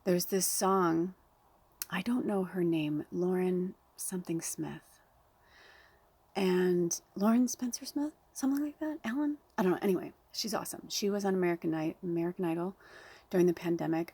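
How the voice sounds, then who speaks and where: A woman's voice: lowish voice, dark tone, husky. A woman speaking as a spiritual medium, earnest and heartfelt, blunt and swearing freely, close to tears. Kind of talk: emotional direct-to-camera talk.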